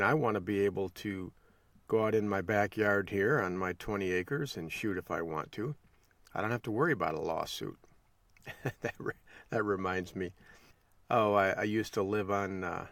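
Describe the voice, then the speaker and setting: A man's voice: fairly low pitch, no room sound, distant mic. A man hosting a podcast, telling a folksy story in a casual monologue and chuckling along the way. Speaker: podcast host.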